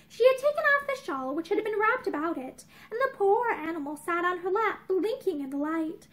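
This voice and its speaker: A young woman reading a novel aloud expressively, with small restarts, in a room with bookshelves. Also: extremely high pitch. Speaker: reader of a novel.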